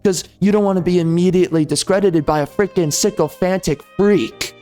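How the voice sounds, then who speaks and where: A man's voice: high-pitched, a little fast, warm tone. A man on a gaming commentary channel, ranting in a slightly raised voice. He hammers the same insults over and over in an angry tirade, with faint music running underneath.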